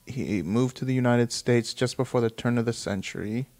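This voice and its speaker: A man's voice: medium pitch, normal speed, a little mellow. Rambling man reacting to an article. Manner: rambling, profane, reads aloud then reacts. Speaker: commentator reading an article. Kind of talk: casual reaction commentary.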